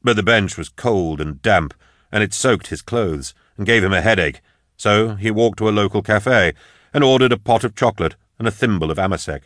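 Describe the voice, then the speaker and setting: A man reading scripted narration for an audiobook in a measured, even storytelling manner. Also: fairly low pitch, dry recording, studio quality.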